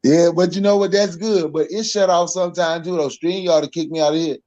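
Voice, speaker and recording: A man's voice: fairly high pitch, fairly even intonation, fairly quick, mellow, lo-fi sound. A man from Mississippi with a Southern American accent, talking as a guest in casual podcast chat over his phone and chuckling between points.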